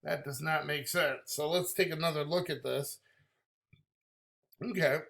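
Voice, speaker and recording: This thirtysomething music reaction host has a slightly high, creaky voice and takes his time. He's talkative and lively, slipping into impressions as he chats casually for his vlog.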